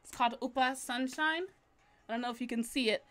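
A woman livestreams while she draws, chatting casually and rambling, laughing often. Her voice is a little high and a bit bright, and she talks briskly.

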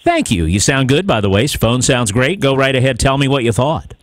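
A man's voice: medium pitch, lively intonation, no room sound. A man hosting a call-in radio talk show, teasing callers and laughing easily in casual banter. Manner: joking, teasing, quick to laugh. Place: radio studio. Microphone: studio mic.

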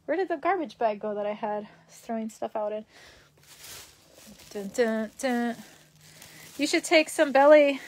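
High-voiced chatty young woman streaming. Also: expressive, brisk, hardly any pauses, a little mellow. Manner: rambling, chatty, reads viewer comments aloud. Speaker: live streamer. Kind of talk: casual live-stream chat. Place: room in her parents' house.

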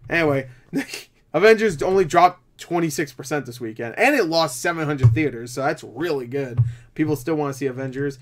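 Young male movie vlogger, running on no sleep, rambles and curses, slightly higher voice. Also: moderate pace. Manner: rambling, swears a lot, bursts into loud disbelief. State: tired. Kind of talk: casual box office commentary.

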